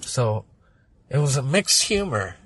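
A man's voice: mid-range voice, sing-song, measured pace, a bit bright, slight background noise. A man originally from Germany, talking casually as a podcast guest, rambling and swearing through a personal story.

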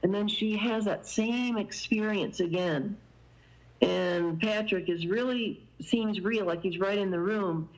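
A woman's voice: mid-range voice, a little slow, low-quality recording. Woman guest, chatty storyteller, wanders with fillers, mid-range voice. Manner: meandering, many "you know" fillers. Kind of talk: conversational storytelling.

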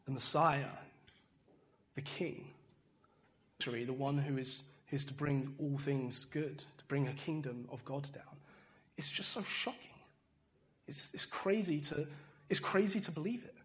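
A man's voice: mid-range voice, a little slow, long pauses, a bit bright. A young man preaching an informal sermon in a conversational way, repeating words and often checking in with "right?".

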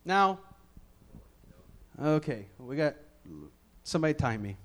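A man's voice: a little high, very animated, slow, a bit bright. A middle-aged man preaching a Bible-teaching sermon in a conversational way, with joking asides and key phrases repeated for emphasis.

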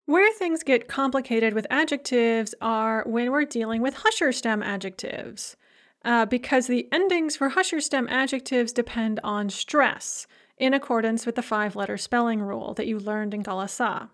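A woman teaching a grammar lesson, explaining clearly in English and reading out careful Russian examples. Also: fairly high pitch, normal speed, a bit bright. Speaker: language teacher.

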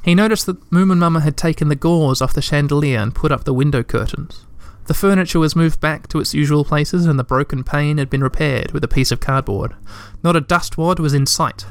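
A man narrating a storybook aloud in a calm, even storytelling manner. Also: fairly high pitch, brisk, few pauses, clean tone.

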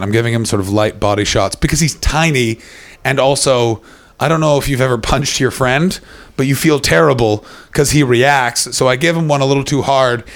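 A man from Canada doing stand-up comedy, telling a story to a live audience and acting out other people's lines in quick voices. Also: mid-range voice. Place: stage before a live audience.

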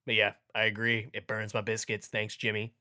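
A man's voice: lowish voice, monotone, moderate pace, bright, forceful tone, clean tone. A young man hosting a casual sports podcast, joking around and playing up a mock ad read. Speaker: podcast host.

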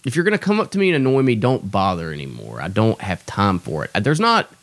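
Ranting young man, lively swings. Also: on the low side, fast talker, gravelly, no room sound. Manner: profane, exasperated, self-deprecating. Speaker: stand-up comedian and podcast host. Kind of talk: ranting casual monologue.

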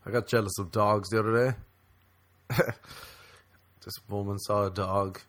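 A man ranting in a comedic monologue, sarcastic and profane, mocking people in high squeaky put-on voices. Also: fairly even intonation, measured pace, fairly bright tone.

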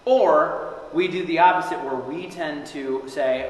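A man's voice: on the high side, measured pace. Young male preacher in an echoey hall. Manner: earnest, rising to loud cries when quoting scripture. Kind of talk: sermon. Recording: very echoey hall with long reverb.

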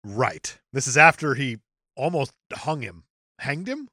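A woman's voice: very deep voice, big pitch swings, a little slow, bright, forceful tone, no room sound, studio quality. A woman co-hosting a podcast, reviewing a movie in casual, sarcastic chat, often dropping into mock voices. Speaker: podcast co-host.

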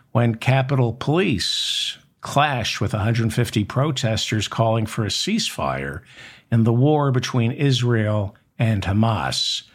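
Male host for a satirical news monologue; sardonic, unhurried, lively pitch swings. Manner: sardonic, mocking, deliberate emphasis. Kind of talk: satirical political commentary monologue.

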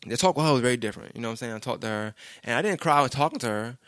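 A man's voice: medium pitch, animated, racing, a bit bright, dry recording. A young man, telling a personal story in a loose, rambling way and often saying "you know what I'm saying". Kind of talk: casual storytelling monologue.

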